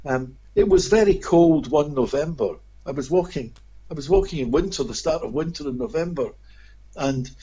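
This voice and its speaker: A man's voice: a little high, breathy edge. A man telling vivid anecdotes as a guest in an interview. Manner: animated, expressive storyteller. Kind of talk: anecdotal storytelling. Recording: dull lo-fi audio.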